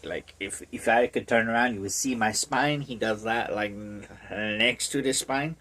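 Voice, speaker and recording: A horror book reviewer giving a rambling, deadpan, casual recap of a book, with many asides. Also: medium pitch, normal speed, hardly any pauses.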